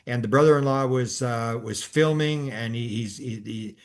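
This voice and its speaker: Older male podcast host, mid-range pitch, loose storyteller who rambles and restarts often. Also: normal speed. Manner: rambling, many restarts and fillers. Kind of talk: casual storytelling chat.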